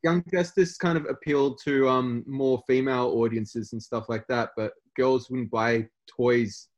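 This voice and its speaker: A young man, talking haltingly with many restarts in casual podcast chat. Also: mid-range voice, fairly even intonation, lo-fi sound. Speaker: podcast co-host.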